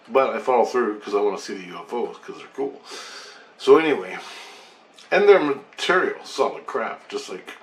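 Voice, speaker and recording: A man casually telling a personal story in a loose, rambling way, with swearing and asides. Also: lowish voice. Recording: roomy echo, faint background hum.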